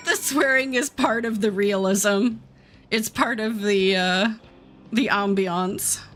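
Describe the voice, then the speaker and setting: A woman's voice: medium pitch, animated, takes it slowly, fairly bright tone. Playful chatty woman streamer. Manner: playful, chatty, laughs often. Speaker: game streamer. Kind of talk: casual gameplay commentary.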